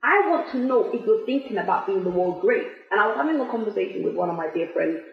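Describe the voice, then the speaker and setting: A woman's voice: medium pitch, lively intonation, fast talker, vocal fry. A woman giving a motivational talk to her listeners, emphatic and full of rhetorical questions. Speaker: motivational speaker. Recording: very echoey, tinny phone-like sound.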